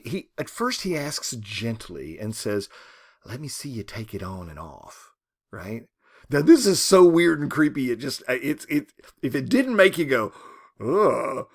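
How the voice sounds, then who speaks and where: A man in his fifties or older, a literature professor, giving a recorded lecture with animated rhetorical questions and chatty asides. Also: mid-range voice.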